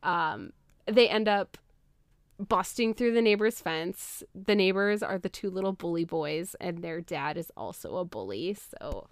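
A woman's voice: fairly low pitch, a little slow, no echo, studio quality. A woman on a podcast, retelling a film plot in casual chat and laughing often. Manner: animated storytelling, laughs often.

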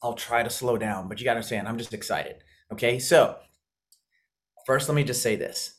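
A man giving a high-energy motivational training talk on a video call, fast and intense, eager for the audience to respond. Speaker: coach mentor on a video call.

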